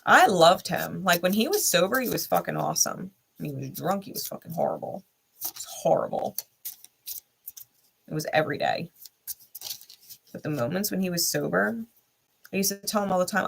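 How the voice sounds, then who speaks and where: A woman's voice: fairly low pitch, big pitch swings, normal speed, creaky, long pauses, husky. A woman speaking bluntly in a candid vlog monologue, swearing often and repeating short heated lines straight to the listener. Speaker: tarot reader and channel host.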